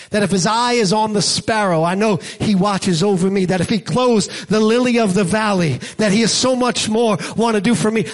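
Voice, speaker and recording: A man preaching a sermon, with rhythmic repetition building to loud, dramatic peaks. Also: sits high. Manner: preaching with dramatic acted-out scenes and shouted peaks. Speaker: pastor.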